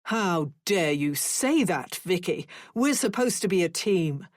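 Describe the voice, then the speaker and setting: A woman's voice: fairly low pitch, animated, slow, no echo, studio quality. A woman voicing a brusque father who brushes off blame and turns defensive. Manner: brusque, dismissive. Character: gruff British father, dismissive and defensive.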